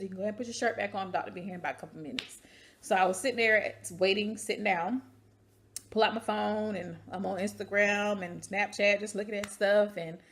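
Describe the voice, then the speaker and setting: A young woman chats straight to her viewers in a casual vlog. She tells her story in a lively, animated way. Her voice sits at an ordinary middle pitch. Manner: chatty, animated, addresses viewers as y'all. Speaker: vlogger.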